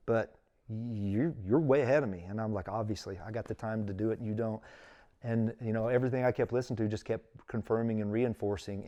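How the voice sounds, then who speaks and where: A middle-aged man, a guest on an interview show, telling a personal story with earnest feeling and quoting his own thoughts aloud. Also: fairly low pitch. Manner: earnest, emotional, animated retelling with quoted inner thoughts.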